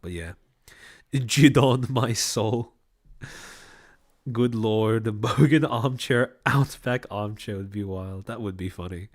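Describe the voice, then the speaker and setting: A man's voice: fairly low pitch, normal speed, hardly any pauses. A young man with a light Australian-born Chinese accent, chatting casually on a live stream in a carefully articulated presenter voice, with frequent fillers. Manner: clearly articulated, precise presenter voice with many fillers.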